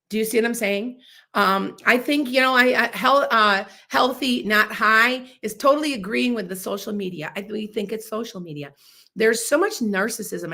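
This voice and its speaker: Emphatic woman podcast host, gravelly voice. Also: mid-range voice. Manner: animated, emphatic, acts out quoted dialogue. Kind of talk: casual monologue podcast.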